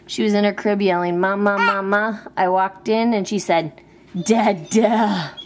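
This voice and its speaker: A woman's voice: mid-range voice, steady tone, a little fast, a little mellow, a little hiss or hum. A woman filming her baby at home, talking to her in playful sing-song baby talk. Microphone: handheld home camera.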